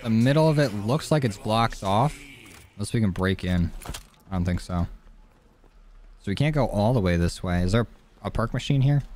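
A man streaming live gameplay, talking casually to his chat with sudden excited yelps, on a close studio mic at home. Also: fairly low pitch, moderate pace, long pauses. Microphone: studio dynamic mic.

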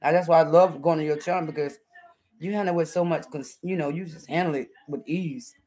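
A woman's voice: low-pitched, steady tone, brisk, warm tone, rough recording. A middle-aged woman with a Southern American accent chats casually on a live stream while cooking at home. She talks in a sassy, blunt way and cusses freely. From southern United States. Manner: sassy, blunt, lots of cussing. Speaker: YouTuber.

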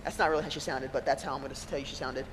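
A man's voice: medium pitch, steady tone, racing. A man pastor giving a sermon, talking conversationally and telling stories with self-deprecating humor. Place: church sanctuary. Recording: long church-hall reverb with faint room noise.

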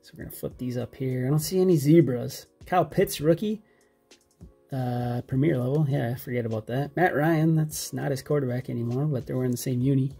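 A man's voice: mid-range voice, a little fast, gravelly, warm tone, slightly rough, faint music behind. A man hosting a card-collecting channel, chatting casually and naming cards as he flips them. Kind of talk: casual pack-opening chat.

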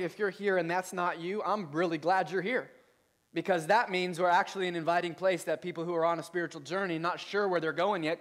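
A man's voice: sits high, a bit bright. A male pastor giving a casual sermon to his church, playful and chatty, joking with the congregation. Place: church service.

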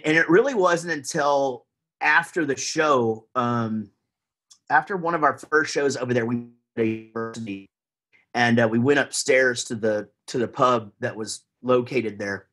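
A man's voice: mid-range voice, measured pace, a bit bright. A man with a Texan accent, chatting casually as a podcast guest, rambling with lots of fillers and restarts. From Texas, USA.

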